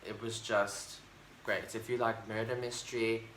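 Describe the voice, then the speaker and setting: A book vlogger with a lowish, fairly bright voice chats casually about his favorite books, rambling and enthusiastic, full of fillers, stumbles and restarts. His tone stays level and his pace unhurried. The room echoes noticeably, with a faint hiss of background noise underneath.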